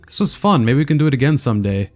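A man voicing a sly, smug kindergarten boy who speaks in a quick, conspiratorial way. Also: mid-range voice, big pitch swings, soft background music.

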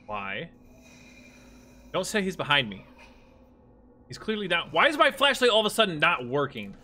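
A man's voice: fairly high pitch, sing-song, normal speed, bright, forceful tone. A young man streaming a horror game, jumpy and swearing, laughing nervously as he plays. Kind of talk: let's play commentary.

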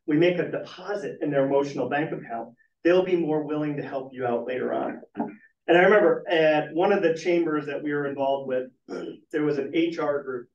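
A middle-aged man, a business trainer, telling lively stories to a meeting room and asking the audience questions. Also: on the high side, a little fast. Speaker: business trainer and guest speaker. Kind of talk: storytelling talk at a networking meeting. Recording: echoey, muffled room recording from far off.

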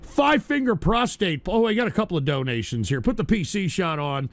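A man hosts a live stream show in a high, gravelly voice that swings widely in pitch. He rants and swears in exasperation at his chat, flustered as he loses his place. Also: very animated, brisk, no echo. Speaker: livestream radio show host. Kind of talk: profane live stream rant.

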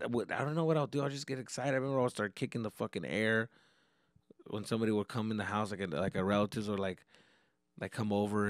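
A young man hosting a podcast, telling profane, animated comedic stories. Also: lowish voice, no room sound, clean studio sound. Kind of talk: comedic storytelling monologue.

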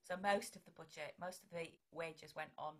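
A woman's voice: deep voice, steady tone, normal speed. A middle-aged woman, a vicar and broadcaster, chatting in an interview and acting out quoted exchanges. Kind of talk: conversational interview.

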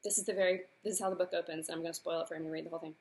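A woman's voice: on the low side, steady tone, rapid-fire, darkish tone, a little hiss or hum. A woman in her thirties, an author, chatting earnestly with fillers and then reading aloud from her own book. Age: 30s.

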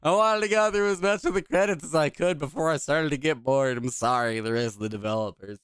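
A man's voice: fairly high pitch, brisk, fairly bright tone, smooth, no echo, studio quality. A man casually commenting on a video game he is playing, blunt, profane and rambling. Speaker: gaming video host.

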